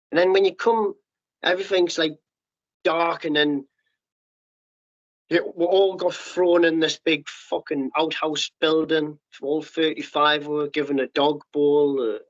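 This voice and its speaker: A middle-aged man telling his story as a podcast guest, blunt and sweary, with quick restarts and acted-out quotes. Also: a little high, steady tone. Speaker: podcast guest, former paratrooper. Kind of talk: candid storytelling interview. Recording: muffled lo-fi podcast audio.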